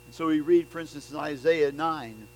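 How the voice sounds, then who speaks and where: High-voiced man preaching, swinging quiet to loud. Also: normal speed, rough recording. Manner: swings between soft, low stretches and loud, emphatic bursts. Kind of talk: sermon.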